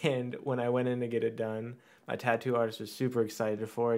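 A man's voice: medium pitch, brisk, hardly any pauses. A man guesting on a casual podcast chat, telling anecdotes and acting out the other people's lines as he quotes them. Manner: animated anecdote teller, acts out quotes.

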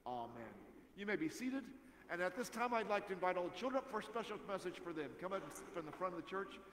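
High-voiced man reading scripture in a church. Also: noisy background. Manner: measured, solemn reading aloud. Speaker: worship leader. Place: church sanctuary. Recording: echoey church hall with long reverb.

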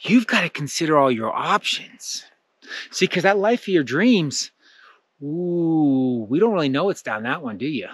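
A wheedling demon of doubt that leans in and insinuates worry with a husky edge. A man puts it on while telling a story, keeping close to his own voice. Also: a little high, expressive, unhurried. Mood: coaxing. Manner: coaxing, insinuating.

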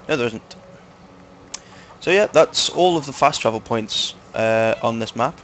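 A gaming video host, a young man from Manchester, England, riffs with friends about the game in a Manchester accent, chatty and crude and full of fillers. He talks slowly in a mid-range, fairly bright voice, and there's slight background noise.

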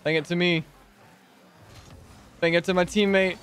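A man streaming a game, chatting casually with rambling restarts and sudden excited outbursts. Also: on the high side, moderate pace, long pauses, slight background noise. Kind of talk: casual live-stream gaming commentary.

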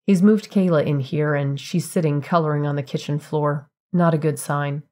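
A woman narrating a piece of fiction for a podcast in an even, measured storytelling voice. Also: sits low.

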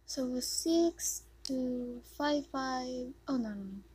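Excitable high-voiced woman gaming. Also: slow pace, husky, rough recording. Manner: excitable, reacts loudly with sudden yelps and muttered whispers. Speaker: gamer commentating her play. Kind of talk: casual gameplay commentary.

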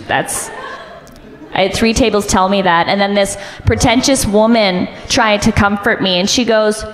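A young woman performing a stand-up comedy set, delivering deadpan one-liners and jumping high in pitch when she acts out other people. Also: moderate pace, in a large hall. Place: comedy club stage.

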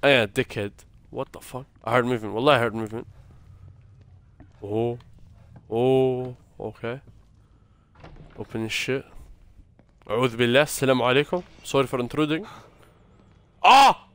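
A man's voice: medium pitch, steady tone, normal speed, long pauses, fairly bright tone, clean tone, dry recording. A young man playing a horror game, swearing, muttering prayers and reacting nervously as he goes. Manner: jumpy, swearing, muttering prayers under his breath. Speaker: gaming streamer.

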